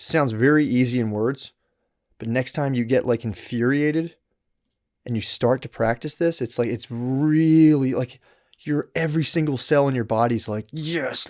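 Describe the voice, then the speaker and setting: A man's voice: mid-range voice, a little mellow. A man in his thirties hosting a solo podcast, talking earnestly and rambling, acting out the voices in his head. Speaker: podcast host.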